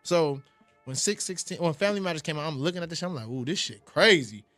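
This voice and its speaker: A man, a music producer, telling casual, profane stories in a fast, animated way. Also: fairly high pitch, dry recording. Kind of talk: casual storytelling in interviews.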